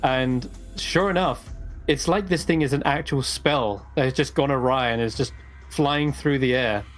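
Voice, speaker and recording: A man narrates a tabletop game as dungeon master, easygoing and a little rambling. His voice sits at a middling pitch. Soft music runs faintly behind him. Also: moderate pace. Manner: relaxed, rambling narration with fillers.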